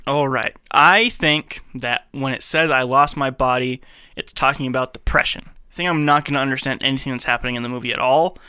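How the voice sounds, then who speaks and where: A man co-hosting a podcast in casual chat, jokey and quick to laugh. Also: mid-range voice, steady tone, sharp tone, clear, resonant tone, no room sound, studio quality. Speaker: podcast co-host.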